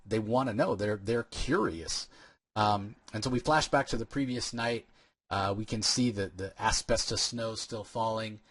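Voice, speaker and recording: A man with a lowish, somewhat husky voice walks through a comic page by page in loose, casual chat. He rambles, restarts and piles on fillers as he retells the scenes. The sound is dry and close, with little room behind it. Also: a bit bright, no echo. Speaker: podcast co-host.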